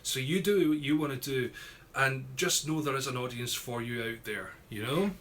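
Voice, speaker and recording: Young Ayrshire-accented Scottish streamer, mid-pitched and rambling, casually reading chat with faint background hiss. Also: male voice, normal speed, a bit bright. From Scotland. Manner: chatty, rambling, swears casually. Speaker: YouTuber streaming a Q&A.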